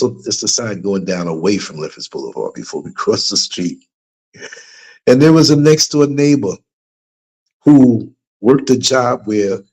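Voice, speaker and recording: A middle-aged man tells a story to his livestream audience in a loose, casual way. His pitch moves a lot as he goes, and his tone carries a light huskiness. When he quotes other people, he lifts his voice higher. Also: darkish tone, husky. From United States. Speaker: livestream host. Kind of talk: casual storytelling to a live chat.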